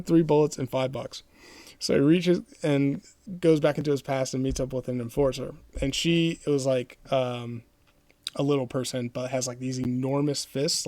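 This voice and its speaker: A man's voice: mid-range voice, darkish tone, no echo. A male podcast host retelling a comic book plot in a loose, rambling way, with many fillers. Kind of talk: casual plot recap.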